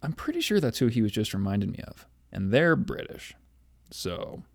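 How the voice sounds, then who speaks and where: A man's voice: lowish voice, very animated, normal speed, creaky. Young male co-host, casual rambling storyteller, self-deprecating. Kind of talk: casual chat.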